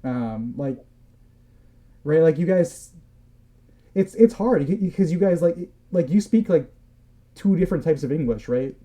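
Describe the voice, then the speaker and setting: Dark-voiced man, teasing casual chat. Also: fairly high pitch, lively intonation, a little slow, pauses often. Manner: joking, teasing, loose and rambling. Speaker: podcast co-host.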